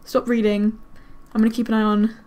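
Chatty woman narrating her gameplay, higher voice. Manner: chatty, talks to her game characters, quick excited exclamations. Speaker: gaming video creator. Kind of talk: casual let's-play commentary.

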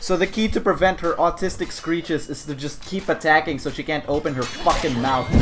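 A man giving casual gameplay commentary, excitable and swearing, slipping into mock-heroic banter. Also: on the high side, normal speed, few pauses, over loud music. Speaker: gaming commentator.

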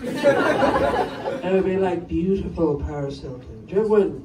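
A man's voice: high-pitched, big pitch swings, unhurried, heavy background noise. A man doing a stand-up set on a comedy club stage, chatting wryly with the crowd between jokes. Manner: rambling, wry, chatty with the audience. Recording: roomy live club sound from far off. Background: audience laughter.

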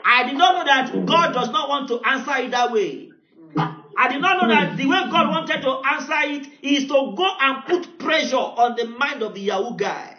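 A Nigerian man preaches with a high, lively voice that swoops between low storytelling and shouted decrees. The sound is dull and echoey, like a church recording. He tells stories with quoted dialogue and calls on the congregation. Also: normal speed. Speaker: pastor. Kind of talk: sermon. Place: church hall.

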